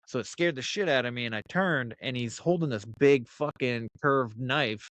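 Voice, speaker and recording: A man's voice: medium pitch, moderate pace, no echo. A man hosting a podcast, telling stories in casual chat and swearing often. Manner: swears often, animated storyteller. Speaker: podcast host.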